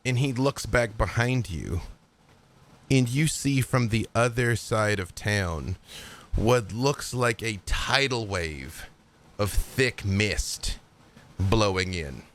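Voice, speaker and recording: A man's voice: on the low side, expressive, takes it slowly, fairly bright tone. A man narrating a tabletop game as game master in a laid-back way, with fillers.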